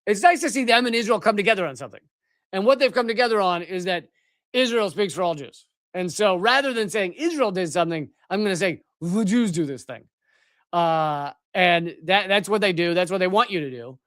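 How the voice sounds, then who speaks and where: A man's voice: high-pitched, a bit bright, clear, resonant tone, no echo, clean studio sound. A man hosting a live political commentary show, ranting sarcastically and profanely, often restarting his sentences. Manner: rambling with restarts. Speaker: host.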